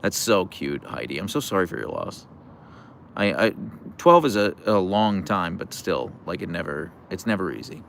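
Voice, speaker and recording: A tired, relaxed man hosting a casual livestream, rambling with fillers as he answers viewer comments. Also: deep voice, moderate pace, gravelly, slight background noise. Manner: relaxed, rambling, with fillers, soft coos to the dogs. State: tired, yawning. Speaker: livestream host with pet huskies.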